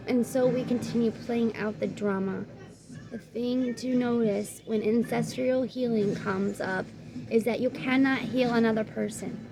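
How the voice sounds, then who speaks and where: Tarot reader, woman; calm earnest read-aloud of card meanings, slightly high voice. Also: gravelly, low-quality recording. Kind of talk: reading aloud from oracle card guidebook.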